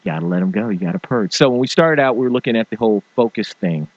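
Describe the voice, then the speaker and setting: A man's voice: fairly low pitch, fast talker, no echo. Guy ranting on his talk show, motivational stuff, does funny voices, dull dry lo-fi audio. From small-town farming family. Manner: animated, mimics people in funny voices. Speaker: show host.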